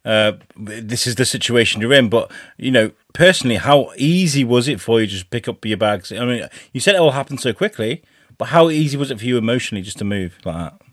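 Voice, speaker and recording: A man co-hosting a podcast, asking questions in a relaxed way and laughing easily. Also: mid-range voice, quick pace, dry recording, clean studio sound. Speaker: podcast co-host. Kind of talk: casual chat.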